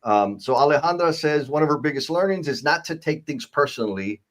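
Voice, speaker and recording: A man's voice: a little high, fairly quick. A man co-hosting a live stream, chatting casually, reading viewer comments aloud and joking about himself. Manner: animated, playful, self-mocking. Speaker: co-host of a live show.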